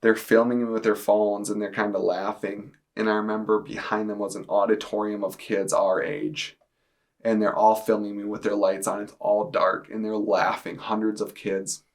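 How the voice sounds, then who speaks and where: Young man sharing a testimony, low gravelly voice, flat delivery, halting and earnest. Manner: earnest, halting retelling with many fillers. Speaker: testimony speaker. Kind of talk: personal testimony, storytelling.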